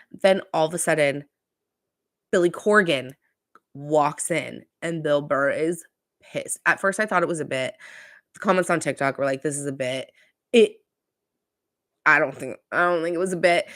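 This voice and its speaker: A woman's voice: deep voice, fairly bright tone, no room sound, clean studio sound. A woman from Southern California hosting a casual pop culture podcast, rambling chattily with fillers and self-corrections. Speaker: podcast host.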